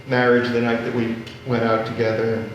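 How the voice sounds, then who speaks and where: A man's voice: medium pitch, monotone, normal speed, dull audio. A middle-aged man doing stand-up storytelling on a live stage, with a dry, wry, self-deprecating delivery. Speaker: stand-up comedian. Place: live comedy stage with audience. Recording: very echoey room, distant mic, faint noise.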